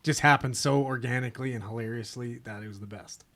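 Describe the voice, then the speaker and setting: A man co-hosting a podcast talks quickly at an ordinary middle pitch. He banters with friends in a profane, enthusiastic way. His tone stays loose and casual. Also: a bit bright. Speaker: podcast co-host.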